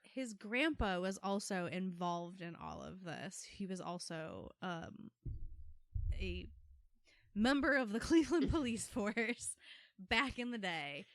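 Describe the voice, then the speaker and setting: A woman's voice: mid-range voice, big pitch swings, slow pace, no echo, studio quality. A woman co-hosting a podcast in casual chat, laughing often and slipping into voices for her stories. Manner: chatty, laughs often, plays voices in anecdotes. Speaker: podcast co-host. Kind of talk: casual chat and dramatic poem reading.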